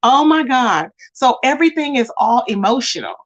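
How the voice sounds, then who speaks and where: Woman, streamer host, casual and chatty, reads viewer comments aloud, voice on the high side. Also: very animated, normal speed, dull audio. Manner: chatty, greets viewers with terms like baby and child. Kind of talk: casual live-stream chat reading comments.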